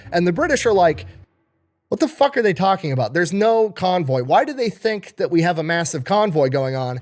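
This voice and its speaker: A man telling a history story in a casual, comedic way. He swears freely and acts out the people he talks about in quick asides. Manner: animated, jumps up in pitch and volume for emphasis.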